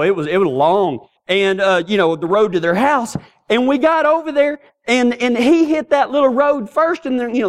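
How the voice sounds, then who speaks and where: A man's voice: extremely high pitch, a bit bright. A man pastor telling a rambling, folksy story in a sermon, often repeating words as he starts a sentence.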